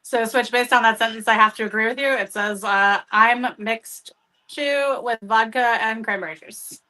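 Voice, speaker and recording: Bright-voiced woman chatting frankly. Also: a little high, normal speed, low-quality recording. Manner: curious, frank, swears casually. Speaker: co-host. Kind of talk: casual chat.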